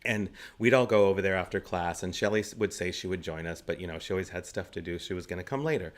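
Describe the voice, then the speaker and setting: Male actor, 40s, interview guest, lowish voice, anecdotal and laughing, gives practical stage tips. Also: fast talker. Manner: chatty, laughs often between stories.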